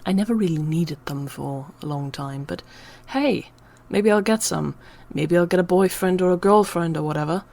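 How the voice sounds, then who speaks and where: Teary woman just rambling to the camera, voice a bit low, slips into whispers now and then. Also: moderate pace, creaky, hardly any pauses, darkish tone. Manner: emotional, on the verge of tears, drops to whispers at times. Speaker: channel host. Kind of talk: unscripted personal ramble.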